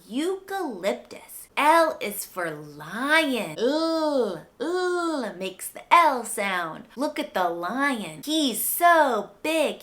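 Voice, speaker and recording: A woman hosting a toddler phonics lesson in an exaggerated, enthusiastic singsong baby-talk manner. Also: high voice. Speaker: children's educational host. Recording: loud background music.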